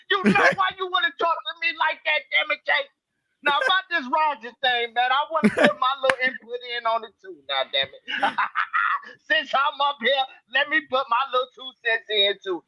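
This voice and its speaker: A man ranting loudly and comically, laughing and swearing as he talks. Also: very high-pitched, no room sound. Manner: loud, exaggerated, laughing, swearing. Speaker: call-in guest. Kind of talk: loud comic rant. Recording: dull lo-fi call audio.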